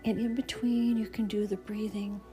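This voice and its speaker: A woman gently guiding anxiety-relief exercises, talking slowly with soft pauses and fillers. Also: medium pitch, level tone, soft background music. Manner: drops to a whisper at times. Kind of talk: calming self-help guidance.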